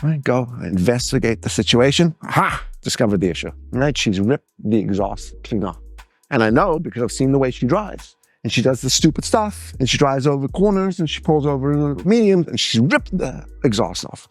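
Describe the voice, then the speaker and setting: A middle-aged man speaks at a seminar in a medium, ordinary pitch. He is an animated storyteller who slips into other people's voices mid-anecdote. Faint music sits behind him. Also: no echo. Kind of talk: seminar talk with acted-out anecdotes.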